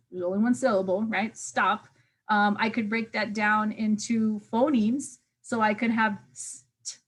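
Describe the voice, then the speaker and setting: A young woman teacher giving a casual recorded review lecture to interns, with frequent fillers and "right?" check-ins. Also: on the high side. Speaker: teacher trainer.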